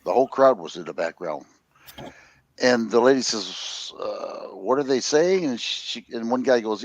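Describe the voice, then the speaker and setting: A man's voice: mid-range voice, animated, unhurried, no echo, muffled recording. A man in his sixties rambling and joking in a casual group chat. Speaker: host. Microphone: phone.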